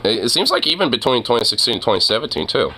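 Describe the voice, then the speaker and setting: A man's voice: mid-range voice, very animated, very fast, bright, forceful tone, slight background noise. A man streamer giving rambling, casual commentary on clips, with many fillers, swearing and laughs. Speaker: streamer reacting to videos.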